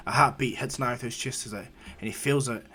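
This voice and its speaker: A man narrates an improvised fan story in a loose, rambling way, often stopping to correct himself. His voice sits at an ordinary middle pitch. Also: fairly quick, bright, forceful tone, a little hiss or hum.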